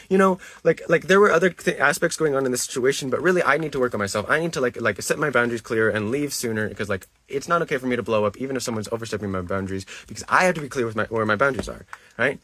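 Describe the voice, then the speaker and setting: Guy ranting to his stream chat, swears a lot, keeps repeating himself, husky voice. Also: medium pitch, bright, forceful tone. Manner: defensive, repetitive, swearing. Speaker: livestreamer. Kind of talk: livestream talk to chat.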